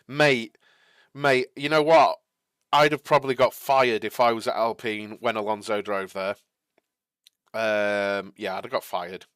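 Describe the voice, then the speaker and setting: A man's voice: fairly low pitch, steady tone, measured pace, a bit bright, clean tone, no room sound, studio quality. A young man hosting a live watch-along stream, chatting casually with viewers. He rambles and repeats himself, and he laughs easily.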